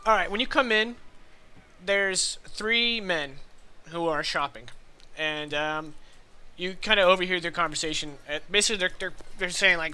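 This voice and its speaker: A man's voice: sits high, normal speed, pushed and bright, smooth. A man narrating a tabletop game as game master, casual, with fillers and chuckles. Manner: casual, laughing, many fillers and restarts.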